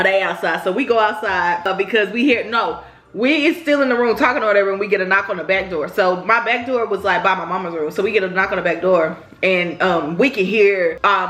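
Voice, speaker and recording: A young vlogger rambles through a story in a casual video, chatting straight to her viewers. Her voice is medium-pitched and a bit bright, and the room gives an echo.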